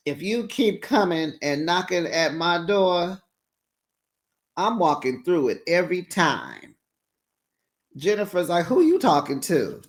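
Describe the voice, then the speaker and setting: A man hosting a casual recap show, sassy and animated, often laughing and acting out what people said. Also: on the high side, measured pace.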